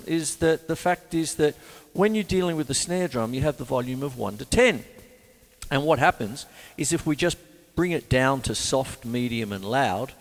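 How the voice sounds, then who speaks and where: A drum teacher with an Australian accent gives a casual, rambling music lesson, counting beats out loud and often saying "you see." His voice is medium in pitch and trails off into a long reverb tail.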